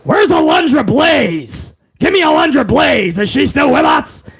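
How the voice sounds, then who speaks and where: A man doing a mocking impression of a blustering old male company boss who shouts orders. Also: very high voice, sing-song, unhurried, voice pushed up, full character voice. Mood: gleeful shouting. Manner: shouting, raspy, gleeful bellowing.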